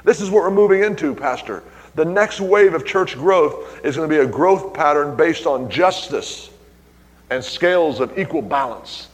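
A man's voice: fairly high pitch, lively intonation, moderate pace. A man preaching to his congregation as their pastor, telling stories and calling out "hallelujah" between points. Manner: exclaims "hallelujah" and calls out to the congregation. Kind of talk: preaching a sermon with personal stories. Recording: long reverb in a large hall.

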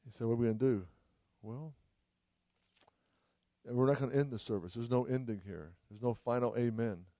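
A man's voice: mid-range voice, a little fast, pauses often, mellow, dry recording. A man preaching a sermon at a church service, fervent, with frequent cries of hallelujah. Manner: fervent, exclaims hallelujah often. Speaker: traveling preacher.

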